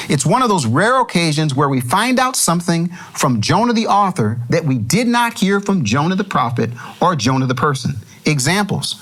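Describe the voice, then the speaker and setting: A man teaching a Bible study, chatty and animated, chuckling and restarting phrases as he explains. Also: fairly high pitch.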